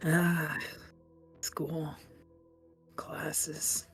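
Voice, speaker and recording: A man as a player in a tabletop role-play, speaking as his character in a moody, low-key way. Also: completely flat delivery, drawn-out words, gravelly, fairly bright tone, soft background music.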